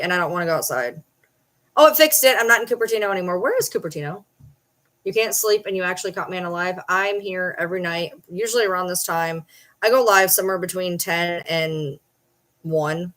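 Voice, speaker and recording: A woman's voice: fairly low pitch, fairly bright tone. A woman chatting casually on a late-night livestream from home, blunt, rambling and swearing freely.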